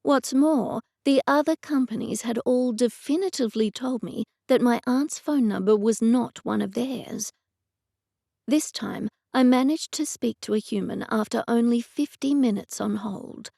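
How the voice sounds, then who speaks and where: Woman narrator, first-person audiobook, dry exasperated read, slightly high voice, close and dry recording. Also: measured pace, creaky, mellow, no echo.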